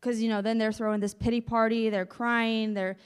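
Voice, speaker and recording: A woman preacher reads Scripture and adds chatty asides, calling on listeners to say amen. Her voice sits fairly high. A long reverb from the hall hangs behind her. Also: flat delivery, a little fast, clear, resonant tone. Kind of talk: sermon with Bible reading.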